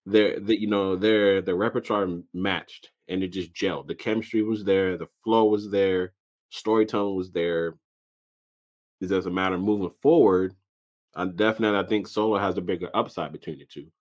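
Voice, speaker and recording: Low-voiced man in casual wrestling chat. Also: steady tone, moderate pace, a little mellow, highs cut off. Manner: opinionated, talks in rambling restarts. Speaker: wrestling podcast co-host.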